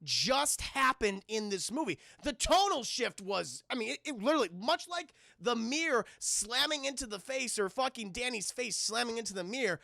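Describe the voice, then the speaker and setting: A man's voice: very high-pitched, animated, moderate pace, vocal fry, few pauses, pushed and bright, no room sound, studio quality. A man recapping a film on a live stream, swearing and rambling, and often addressing the chat.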